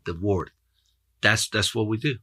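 A man's voice: on the low side, a little slow, bright, forceful tone, husky, no echo. Earnest man with an accent. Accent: foreign accent. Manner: earnest, motivational, with restarts. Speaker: podcast guest. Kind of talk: storytelling in an interview.

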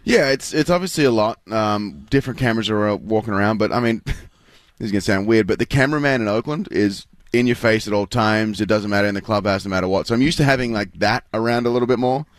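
A man's voice: lowish voice, fast talker, dry recording. A man in his thirties with an Australian accent, chatting easily as a radio guest with lots of fillers and restarts. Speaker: guest, pro baseball pitcher. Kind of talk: casual radio interview. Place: live broadcast at a spring training ballpark.

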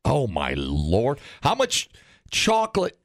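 Male radio co-host, gravelly, hugely expressive delivery, dry close-miked studio sound, prone to outbursts. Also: medium pitch, slow, no room sound. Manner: animated, swings into loud outbursts, laughs often. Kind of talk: casual morning show banter.

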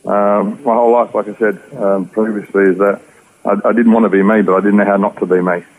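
An Australian man tells his story at a quick clip, earnest and rambling. His voice sits low and sounds husky. The audio is tinny and narrow, like a phone line on the radio. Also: steady tone. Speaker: interview guest. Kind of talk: personal testimony.

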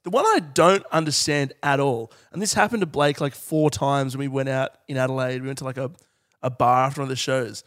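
A man, a comedian co-hosting a podcast, incredulous and quick to laugh. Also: mid-range voice, steady tone, fairly bright tone. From Australia. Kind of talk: casual comedic chat.

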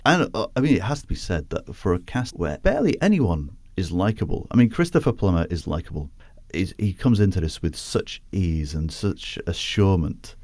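A man's voice: low voice, sing-song, normal speed, darkish tone, no echo. A man hosting a film review podcast, chatting casually and laughing often as he talks. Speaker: podcast host.

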